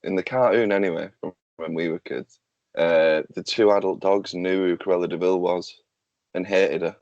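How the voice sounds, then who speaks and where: A man's voice: sits low, fairly even intonation, moderate pace, darkish tone, no room sound, highs cut off. A man hosting a casual podcast chat, loose, sweary and joking. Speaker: podcast host.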